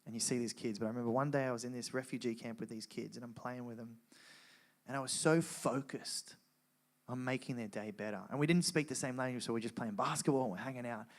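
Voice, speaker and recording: A man giving a personal faith testimony to a live church audience, telling his story earnestly and acting out his own dialogue. He drops quiet in the grave parts and gets loud and excited in the lively ones. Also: mid-range voice, fast talker. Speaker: guest speaker at a church event.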